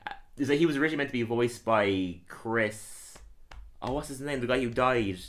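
A man's voice: medium pitch, a little fast, fairly bright tone. A man hosting a podcast in casual, rambling chat, often stammering over restarts. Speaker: podcast host.

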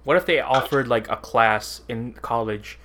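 A man's voice: medium pitch, unhurried, fairly bright tone, a little hiss or hum. Guy cohosting a podcast, rambly stories, keeps laughing. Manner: laughs often, loose rambling storytelling. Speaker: podcast co-host. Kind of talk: casual chat.

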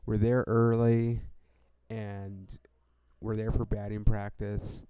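A man's voice: lowish voice, flat delivery, slow, mellow, smooth, dry recording, highs cut off. A young man hosting a podcast, telling a rambling story in a laid-back, profane way, peppered with "dude" and "like". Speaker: podcast host.

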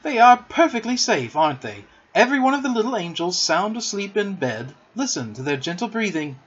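A bad-tempered housemaid put on by a man reading a storybook scolds in a raised, sharp, husky voice. Her words rise and fall sharply. The recording is dull and lo-fi. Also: sits high, sing-song, a little fast, pitched above the performer's own voice, heavily acted. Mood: scolding. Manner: stern, scolding. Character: cross, dense housemaid woman.

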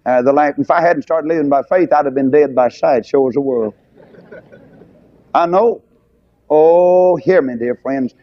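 A man's voice: on the high side, no room sound. An older man preaching a revival sermon in a folksy, emphatic way. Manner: folksy, emphatic, rising to shouts on key phrases. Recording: dull lo-fi sound.

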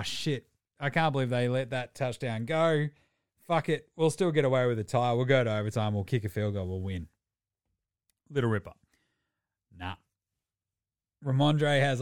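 A man's voice: mid-range voice, clear, resonant tone, no room sound, studio quality. A man in his thirties with an Australian accent, ranting and swearing in a casual sports chat. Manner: profane, ranting, animated. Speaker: podcast co-host.

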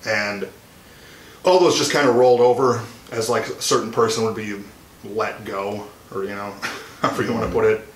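A young man, a band musician, tells an animated story as a guest in a casual interview, chuckling as he goes. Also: lowish voice, normal speed. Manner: animated anecdote-telling, chuckling. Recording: echoey room, faint noise.

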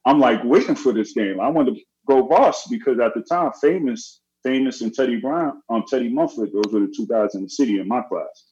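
A middle-aged man telling a story in casual chat, animated and acting out the voices of the people in it. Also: medium pitch, a little fast, hardly any pauses. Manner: animated, acts out quoted voices. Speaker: guest. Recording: dull lo-fi audio.

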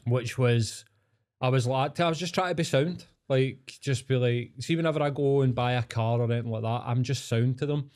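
A man's voice: mid-range voice, moderate pace, a little mellow. Sweary Scottish man telling rambling stories. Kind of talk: casual chat.

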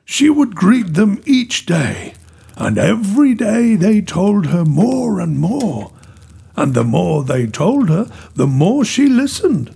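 A man narrating a children's story in a slow, expressive, gentle way. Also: high voice, gravelly, breathy edge.

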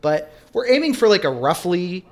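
Podcast guy rambling n swearing, highish voice that jumps around a lot. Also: big pitch swings, moderate pace. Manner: rambling, swearing and self-correcting. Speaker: podcast co-host. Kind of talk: casual chat.

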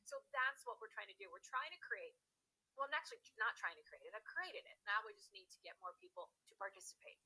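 A woman's voice: on the high side, very animated, fast, bright, forceful tone, breathy edge, low-quality recording. A woman guest, herself a radio host, chatting in a casual interview, rambling and laughing as she explains things.

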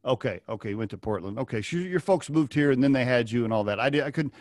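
A man with a mid-pitched voice hosts a podcast interview over a video call. He opens with a read sponsor spot, then chats loosely, repeating himself and tossing in quick okays as he listens. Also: animated, darkish tone. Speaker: podcast host.

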